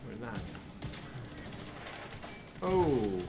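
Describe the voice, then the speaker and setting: A man's voice: mid-range voice, big pitch swings, takes it slowly, over music. A man co-hosting a livestream, chatting casually and calling out the action as he plays a shooter game. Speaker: livestream co-host. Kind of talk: casual gameplay commentary.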